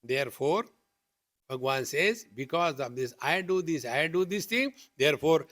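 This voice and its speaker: A man giving a spiritual discourse at a retreat, telling stories and acting out both sides of the dialogue with rising questions. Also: on the high side. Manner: lively storytelling, acts out dialogue with rising questions. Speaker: spiritual teacher. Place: retreat hall.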